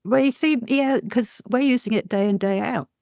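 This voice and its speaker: A woman paranormal investigator, telling lively anecdotes as a guest, acting out quotes and laughing often. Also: fairly high pitch, normal speed, vocal fry, no echo, clean studio sound. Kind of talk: animated storytelling in an interview.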